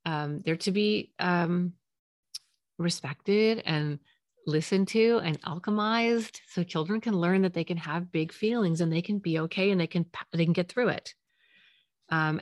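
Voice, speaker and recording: A woman hosting a parenting podcast, talking gently and reassuringly in a solo advice episode. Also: on the low side, no room sound, studio quality. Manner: gentle, reassuring, acts out parent and child lines.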